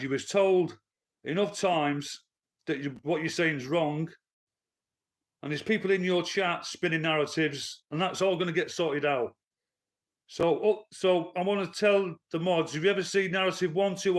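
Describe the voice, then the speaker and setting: A man, ranting bluntly and with swearing to his live-stream chat from his living room. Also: fairly high pitch. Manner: blunt, profane, heated. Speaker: livestreamer and commentator.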